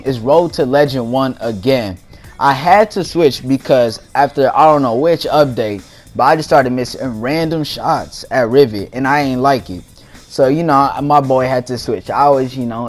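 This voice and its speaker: A young man hosting a gaming channel, telling a story casually in slangy speech and laughing as he goes. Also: medium pitch. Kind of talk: casual storytelling over gameplay.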